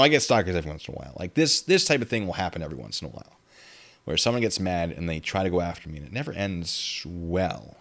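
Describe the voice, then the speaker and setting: Rambling man on a livestream, lowish voice. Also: big pitch swings, fast, fairly bright tone. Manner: rambling, reads chat aloud. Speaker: livestream host. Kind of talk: casual livestream chat.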